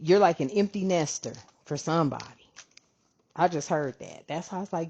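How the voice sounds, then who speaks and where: A woman's voice: low voice, lively intonation, normal speed, a little mellow, slightly rough. A woman giving a casual tarot reading to her viewers, chatty and rambling, often breaking into laughter. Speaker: tarot reader. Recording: dull lo-fi sound.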